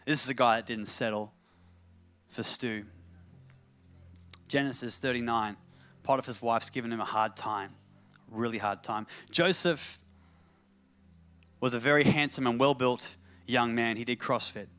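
A man's voice: medium pitch, unhurried, pauses often, fairly bright tone. A man preaching a sermon, repeating key phrases for emphasis and slipping in humorous asides.

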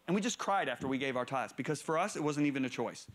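A middle-aged male preacher telling stories in a sermon, swinging between low murmurs and raised, excited bursts. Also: quick pace. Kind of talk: storytelling sermon.

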